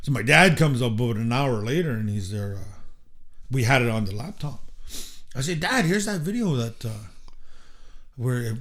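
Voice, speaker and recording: Animated storytelling man. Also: mid-range voice, normal speed, long pauses. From Canada. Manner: animated, acts out quoted voices, swears casually. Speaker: podcast guest. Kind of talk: casual storytelling in conversation.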